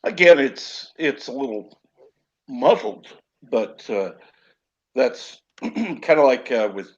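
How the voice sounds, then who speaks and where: American guy on a stream chat, middle pitch, pauses a lot to find words. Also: sing-song, husky, dull audio. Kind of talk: casual chat.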